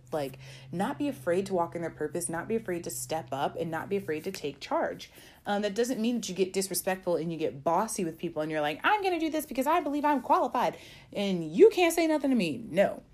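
A young adult woman hosts a casual faith podcast, chatting in an encouraging way with plenty of fillers and some playful scolding. Her voice is lowish and a little mellow.

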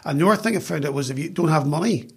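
A middle-aged man with a Northern Irish accent, chatting as a podcast guest and telling self-mocking stories in an animated way. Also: fairly high pitch, very fast, vocal fry, slightly rough. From West Belfast, Northern Ireland. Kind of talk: casual storytelling.

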